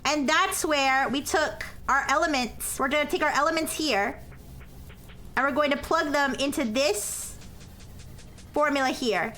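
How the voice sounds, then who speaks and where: A woman's voice: unhurried, sharp tone. A woman live-streaming, explaining a math problem step by step to her chat and checking in with "okay?" after each step, turning apologetic when corrected. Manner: self-described as highly caffeinated.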